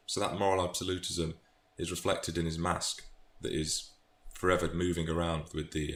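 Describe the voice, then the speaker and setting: A man's voice: low-pitched, fairly even intonation, moderate pace, few pauses, a bit bright. A British man chatting about favourite book quotes in a thoughtful, casual way, often restarting phrases. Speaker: book vlogger. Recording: echoey room, faint noise.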